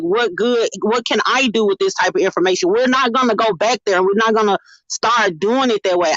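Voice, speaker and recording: A woman's voice: mid-range voice, a bit bright, no echo. Hesitant woman talking through her ideas. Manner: thoughtful, hesitant, many restarts and fillers. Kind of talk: casual discussion. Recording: dry, dull lo-fi sound.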